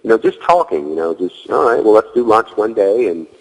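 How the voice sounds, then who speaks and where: A man's voice: on the low side, very animated, a little fast, big-room sound, low-quality recording. A man as a guest in an interview, telling a story casually, leaning on "you know" and acting out his own dialogue. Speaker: guest, real estate wholesaler.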